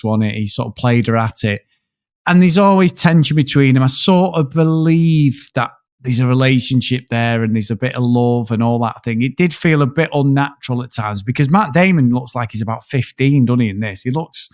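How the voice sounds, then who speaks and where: A man talks through a film in a loose, meandering way, cursing freely and looping back on himself. His voice sits at an ordinary middle pitch. The recording is dry and close, with no room sound. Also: dry recording. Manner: rambling, sweary, animated storytelling. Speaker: podcast co-host. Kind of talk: casual film review chat.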